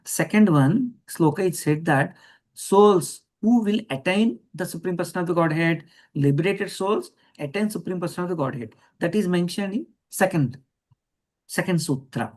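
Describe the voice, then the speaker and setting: A man's voice: sits high, lively intonation, normal speed, darkish tone. A man giving a devotional scripture lecture, repeating key lines and checking with his listeners. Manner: repeats key phrases, asks "yes or no?" to the audience. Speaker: scripture teacher.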